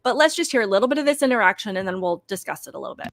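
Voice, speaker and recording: Woman ranting to camera about politics, dead dry close mic, mid-pitched. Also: sing-song, very fast, gravelly, fairly bright tone, dry recording. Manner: emphatic and critical, addresses viewers directly. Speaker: political commentary host. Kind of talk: opinionated commentary to camera.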